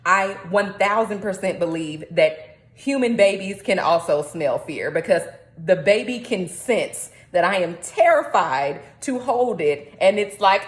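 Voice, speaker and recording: A young adult woman vlogging in a chatty, animated way, often jumping up into high squeals. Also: measured pace. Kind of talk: casual talking-head vlog. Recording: echoey room.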